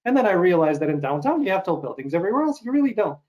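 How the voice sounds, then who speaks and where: A man from Russia hosting an interview, talking in a relaxed, hesitant way with many fillers. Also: sits high, rapid-fire. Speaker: host. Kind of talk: interview conversation.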